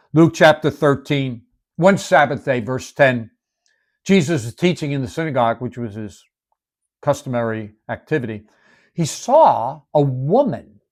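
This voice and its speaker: A man teaching from the Bible in a casual, devotional way. His voice rises and falls a lot, and he acts out the people in the story as he goes. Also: medium pitch. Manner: animated, acts out Bible scenes in dialogue.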